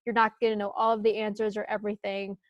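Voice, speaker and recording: A woman's voice: mid-range voice, flat delivery, very fast, dry recording, lo-fi sound. A young woman in her twenties, a guest on a podcast, talking in a chatty, upbeat way and laughing often. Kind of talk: casual podcast interview.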